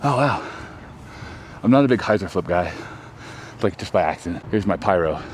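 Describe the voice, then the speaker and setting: A man from Texas, US, with a low voice hosts a casual vlog outdoors on a disc golf course, talking a little fast and animatedly over a noisy background. He rambles about his throws in a chatty, self-deprecating way.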